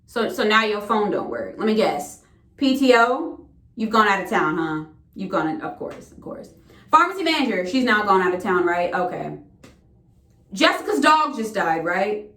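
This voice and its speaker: A woman's voice: medium pitch, sing-song, normal speed, a bit bright. A young woman venting casually to camera, exasperated and profane. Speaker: vlogger. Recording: roomy echo.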